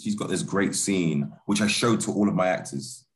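A man, a film director, chatting in a relaxed interview, laid-back with many restarts and fillers. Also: sits low, moderate pace.

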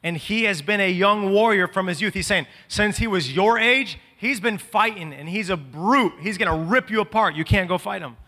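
A man preaching a sermon, swinging from impassioned shouting to relaxed conversational asides. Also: high-pitched, normal speed, few pauses, long reverb tail.

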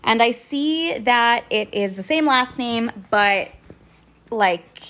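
A woman's voice: a little high, big pitch swings, slow, fairly bright tone. A young woman telling a personal story in a casual vlog, swearing freely and sounding indignant as she recounts it.

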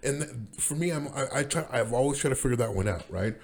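A man's voice: mid-range voice, animated, fast talker, creaky, darkish tone. A man rambling through a casual monologue as podcast host, with many restarts and fillers.

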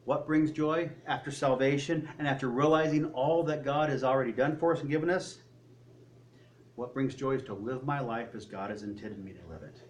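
A man preaching a sermon, swinging between loud, high peaks and low, quiet asides. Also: a little hiss or hum.

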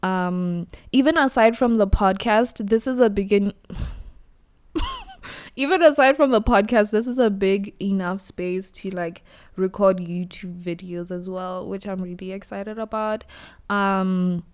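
A woman's voice: mid-range voice, animated, unhurried, clear, resonant tone. A young woman hosting her own podcast from her new studio, chatting casually, laughing at herself and over-explaining. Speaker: podcast host. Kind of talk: casual solo podcast chat.

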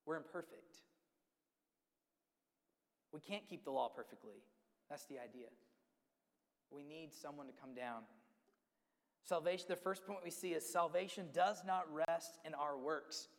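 A man's voice: high voice, gravelly. A man preaching a sermon, emphatic, acting out quotes and repeating key words. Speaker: pastor. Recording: long hall reverb.

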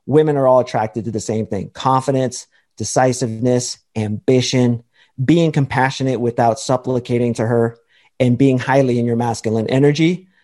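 Mellow-voiced man, emphatic dating coach. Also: mid-range voice, steady tone, normal speed. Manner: emphatic, lecturing, acts out quoted voices. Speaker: dating coach, podcast guest. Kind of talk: confident explanatory talk.

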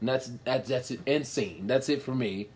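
A man hosting a casual chat, animated and laughing, slipping into loud slangy impressions. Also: mid-range voice, moderate pace.

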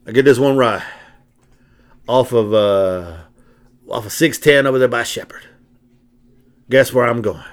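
A man co-hosting a casual podcast, telling stories in an animated way, laughing and swearing. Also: mid-range voice, unhurried, pauses often. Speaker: podcast co-host. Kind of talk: casual chat, storytelling.

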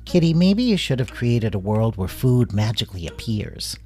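A man's voice: mid-range voice, very animated, normal speed, mellow, soft background music. A man voicing a grumpy, sarcastic male toy cat in a storybook tale. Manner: sarcastic, whiny.

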